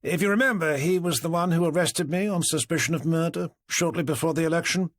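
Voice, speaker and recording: A man's voice: fairly high pitch, fast, dry recording, clean studio sound, pitched above the performer's own voice, natural voice. A man doing a smug, smirking villainous politician.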